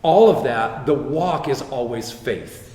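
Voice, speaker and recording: A man's voice: mid-range voice, animated, takes it slowly, dark tone. A middle-aged man earnestly retelling a faith story, full of quoted speech, in casual conversation. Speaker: guest speaker. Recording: roomy hall reverb, faint ambience.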